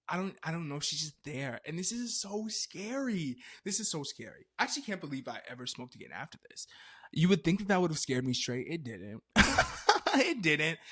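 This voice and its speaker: A man hosting a podcast, telling a comedic story in a dramatic, animated way with frequent laughter. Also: fairly high pitch. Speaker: podcast host.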